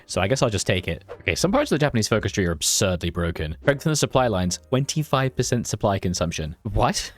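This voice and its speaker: A man giving casual, chatty commentary on his own strategy gameplay, reacting quickly with exclamations and laughs. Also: on the low side, no echo. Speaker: strategy game streamer.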